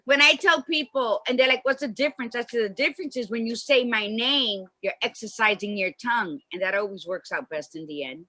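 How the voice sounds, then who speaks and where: Woman co-host, chatty and emphatic storyteller, bright tone. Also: on the high side, fairly quick, hardly any pauses, no room sound. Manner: long-winded storyteller, emphatic. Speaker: podcast co-host. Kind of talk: casual chat.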